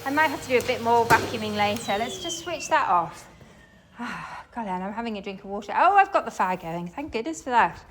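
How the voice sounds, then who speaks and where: A chatty woman from England talks to her viewers while she vacuums and mops her farmhouse kitchen, her voice pitched a little high. She sounds a touch breathless and hoarse from the work, and she trails off and restarts as she goes. Clear household noise runs behind her. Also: sing-song, brisk, a bit bright. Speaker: cleaning vlogger. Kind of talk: casual chat while cleaning. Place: farmhouse kitchen and utility room, indoors.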